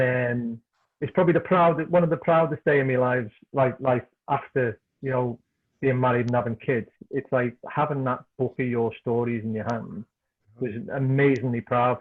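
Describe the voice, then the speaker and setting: A middle-aged man from Liverpool with a Scouse accent, a podcast guest and author telling animated anecdotes in casual chat. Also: mid-range voice, moderate pace. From Liverpool, England. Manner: animated anecdotes, repeats words when excited. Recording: tinny phone-like call line.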